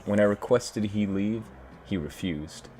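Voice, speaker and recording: A man's voice: fairly low pitch, unhurried, mellow, slight background noise, natural voice. A man voicing a composed, guarded but playful woman who runs a bar, read aloud from a game.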